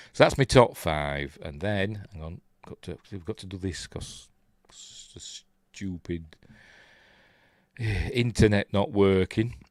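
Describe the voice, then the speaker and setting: Taking it slowly with long pauses, an older Yorkshire-accented man speaks in a deep, expressive voice. He's from Yorkshire, England, and hosts a rambling, chuckling, casual live-stream chat, reading viewer comments aloud.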